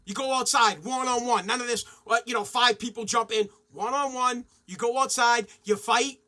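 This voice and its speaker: A man in his forties rants on his podcast, swearing freely and breaking into loud bursts of outrage. His voice sits very high for a man. It has a bright, forceful edge. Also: steady tone, moderate pace. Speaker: podcast host. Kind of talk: profane ranting monologue.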